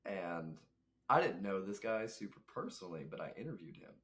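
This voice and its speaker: A man's voice: sits low, animated, normal speed, fairly bright tone. A young man, a guest telling rambling, reflective stories in casual chat. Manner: rambling, reflective, laughs often.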